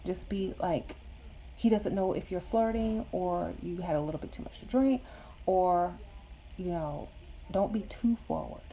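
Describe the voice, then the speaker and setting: A woman's voice: lowish voice, unhurried, warm tone, a little hiss or hum, poor audio. A woman casually giving blunt, sassy dating advice to viewers, with joking asides. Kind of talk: casual advice chat answering viewer questions.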